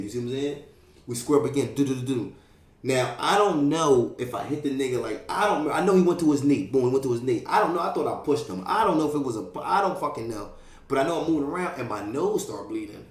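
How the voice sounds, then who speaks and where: Young man, casual storytelling, streetwise and profane, middle pitch, echoey room. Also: brisk. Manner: streetwise, profane, animated, fillers like "you know what I mean".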